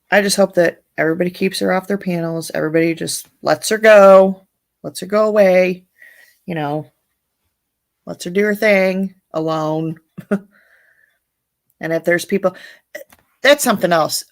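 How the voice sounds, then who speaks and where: A woman's voice: on the low side, creaky. A woman hosting a casual livestream, reading viewer comments aloud and chatting bluntly, with frequent swearing and laughter. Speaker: livestream host.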